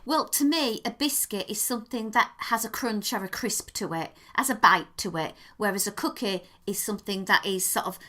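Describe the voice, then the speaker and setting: A woman's voice: medium pitch, moderate pace, hardly any pauses, sharp tone. A British woman co-hosting a podcast in casual chat, explaining things in a playful, emphatic way. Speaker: podcast co-host.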